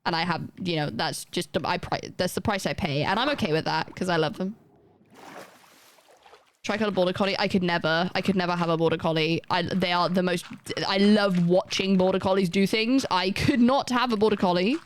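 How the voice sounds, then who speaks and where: A young woman chatting casually on a live gaming stream, rambling and self-deprecating with quick asides. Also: lowish voice, a little hiss or hum. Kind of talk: casual chat while gaming.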